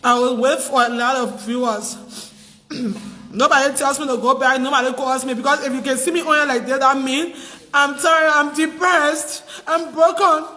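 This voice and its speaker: A Liberian woman with a high, sharp voice pleads tearfully on a phone livestream, speaking at normal speed with fairly even intonation. Crying and distressed, she insists again and again in a pleading tone. A long reverb tail trails her words.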